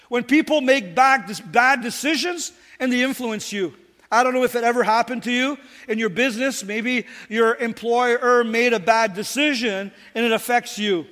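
A man's voice: very high voice, fairly bright tone, in a large hall. A man preaching a sermon as pastor, emphatic and full of rhetorical questions.

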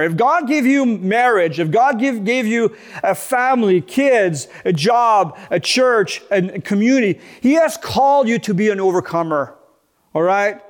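Middle-aged man, pastor, high-pitched, earnest sermon delivery with frequent restarts. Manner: earnest, repeats and restarts words while preaching.

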